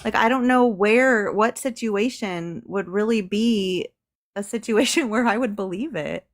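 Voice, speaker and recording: Female co-host, relaxed and musing, laughs readily. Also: medium pitch, measured pace. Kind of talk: casual chat.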